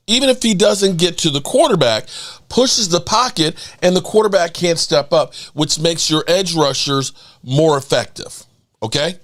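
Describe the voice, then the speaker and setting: Excitable man hosting a sports stream. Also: fairly high pitch. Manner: excitable, repeats and restarts words. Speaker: sports channel host. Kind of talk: casual live stream commentary.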